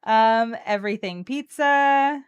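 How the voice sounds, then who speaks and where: On a card game stream, a woman co-host chats playfully and reads card text aloud while opening packs. Her voice sits on the high side and is smooth, and she takes her time, though the audio sounds dull.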